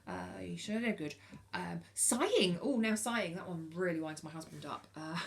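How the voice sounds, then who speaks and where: British woman, forties, low gravelly voice, halting with ums and restarts, frank casual vlog talk. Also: a little hiss or hum. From United Kingdom. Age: 40s. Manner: hesitant, many ums and restarts; frank and earnest. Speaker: vlogger.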